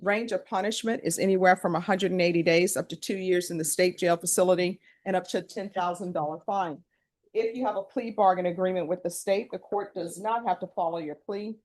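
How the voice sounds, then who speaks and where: A woman judge presiding over a courtroom hearing, speaking in a formal, measured, procedural way. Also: lowish voice, darkish tone.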